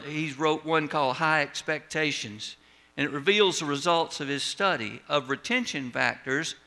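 A man's voice: on the high side, bright, forceful tone. An older man, a pastor preaching a sermon in a wry, folksy storytelling manner.

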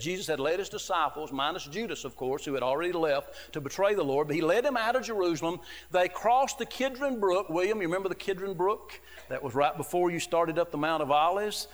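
A man's voice: on the high side, long reverb tail. A middle-aged man, an associate pastor, preaching a sermon in an earnest, conversational storytelling way. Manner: earnest, conversational storytelling with frequent "you know".

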